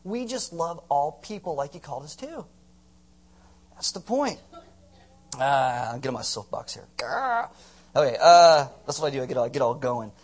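A man preaching a sermon in an animated, joking way, often acting out quotes in put-on voices. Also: on the high side, normal speed, husky. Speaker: pastor.

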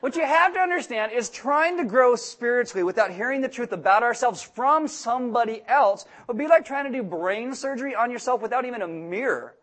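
Young guy pastor, pretty high voice, jokey sermon, does little voices for people he quotes. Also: brisk, hardly any pauses. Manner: humorous, acts out quoted people in animated voices.

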